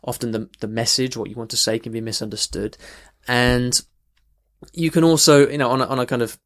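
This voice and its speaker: A man's voice: mid-range voice, fairly even intonation, a little fast, fairly bright tone. Earnest podcast host man. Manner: earnest, many restarts, emphatic rises. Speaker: podcast host and language coach. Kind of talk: podcast answering a listener question.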